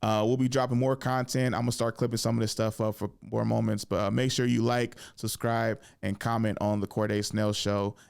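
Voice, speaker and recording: A man's voice: on the low side, little pitch movement, brisk, gravelly, few pauses. Laid-back young man telling profane stories. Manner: loose, profane and laughing, acts out voices in stories. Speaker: podcast host. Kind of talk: casual storytelling monologue.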